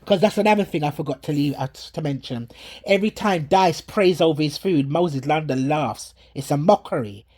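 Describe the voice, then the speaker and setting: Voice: medium pitch, moderate pace, darkish tone. A preacher in England giving an earnest, preachy warning about a dream and quoting scripture, recorded on a handheld phone. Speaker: prophetic ministry preacher. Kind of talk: commenting on a dream and a played video. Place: at home in England.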